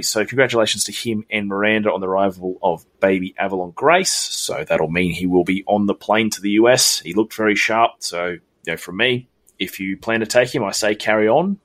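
A man's voice: on the low side, a bit bright. A man, co-hosting a sports podcast, steadily leading the segments and the news. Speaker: podcast co-host. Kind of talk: casual sports chat.

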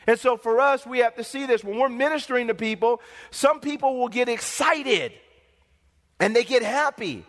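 High-voiced emphatic preacher man. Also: normal speed, fairly bright tone. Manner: emphatic, repetitive, call-and-response preaching. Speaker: pastor. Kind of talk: sermon. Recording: long hall reverb.

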